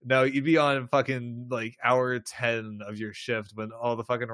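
A man riffs on a podcast with sarcastic, wry humor and casual swearing. His voice sits in a middle pitch, and the recording is dry and close. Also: little pitch movement, unhurried, fairly bright tone, no echo. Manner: wry, swearing, mock-enthusiastic asides. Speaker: podcast co-host. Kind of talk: casual recap chat.

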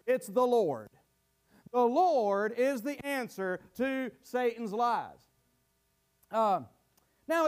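A man preaching a sermon to his congregation, earnest and teaching verse by verse, often repeating words as he goes. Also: extremely high pitch.

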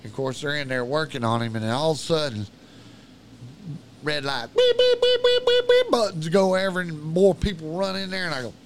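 A man's voice: on the high side, steady tone, brisk, background noise. A man telling a long, profane story in casual podcast talk. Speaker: podcast guest.

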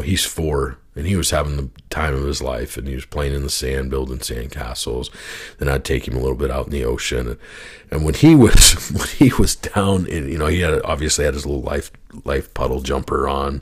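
A man's voice: extremely low pitch, slightly rough. A man hosting a podcast, talking in an earnest, heartfelt way, repeating his points and encouraging the listener directly. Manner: encouraging, speaks straight to the listener. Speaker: podcast host. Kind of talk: reflective spoken monologue.

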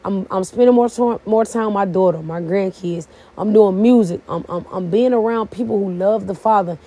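A woman's voice: medium pitch, normal speed, mellow. A middle-aged woman hosting a faith-based podcast, preaching in a fervent, casual way. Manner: preachy, fervent and casual, with plain church phrasing. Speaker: podcast host.

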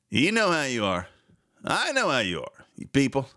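A man's voice: medium pitch, pushed and bright. A man hosting a casual talk show, rambling and sarcastic and laughing often between asides. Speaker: radio host.

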